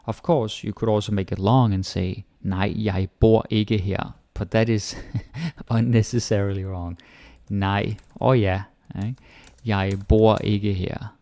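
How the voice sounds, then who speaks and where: A man from Denmark with a Danish accent teaches an online language lesson in a dark, mellow, gravelly voice. He talks slowly and casually, repeating short example phrases. The sound is close and dry. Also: fairly low pitch, steady tone, no room sound.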